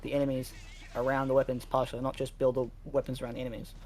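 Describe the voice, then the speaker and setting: A man in a casual stream discussion, eager and quick to interject, repeating words as he jumps in. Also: medium pitch, completely flat delivery, darkish tone, faint music behind. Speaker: co-host in a game modding discussion.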